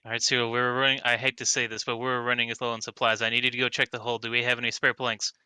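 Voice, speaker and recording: A man playing his character in a tabletop game with a very bright, crisp voice. The sound is dry and close. He talks playfully while scheming. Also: medium pitch, little pitch movement, rapid-fire, dry recording, poor audio. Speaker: player. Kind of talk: in-character tabletop role-play.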